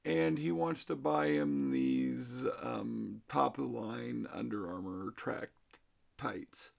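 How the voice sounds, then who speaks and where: A man's voice: mid-range voice, big pitch swings, slow, vocal fry. A middle-aged man telling a story casually, recounting conversations with an exasperated manner.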